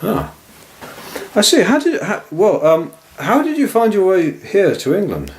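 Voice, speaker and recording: A woman interviewing in an improvised comedy sketch, asking polite questions in a deadpan way. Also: mid-range voice, unhurried. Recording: echoey room, faint noise.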